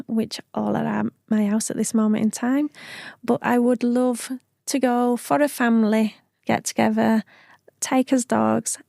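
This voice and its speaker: A woman's voice: on the high side, vocal fry, mellow, dry recording, studio quality. A middle-aged woman from Yorkshire with a broad Yorkshire accent, chatting in an interview about her family and her home town. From Yorkshire, England. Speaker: charity founder, guest. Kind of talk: casual interview chat.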